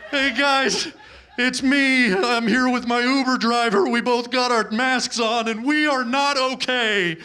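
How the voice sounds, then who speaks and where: A comedian putting on a melodramatic activist passenger. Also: male voice, high-pitched, moderate pace, pushed and bright. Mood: chirpy. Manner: overwrought, preachy whining. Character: melodramatic activist male passenger, self-pitying and preachy. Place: comedy club stage. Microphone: handheld stage microphone.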